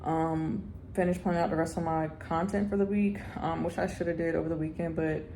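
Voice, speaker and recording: Chatty young woman vlogger, low voice. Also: steady tone, a little fast, dark tone, a little hiss or hum. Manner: chatty, loose, heavy with fillers. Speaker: lifestyle vlogger. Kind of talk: casual chat to camera. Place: at home.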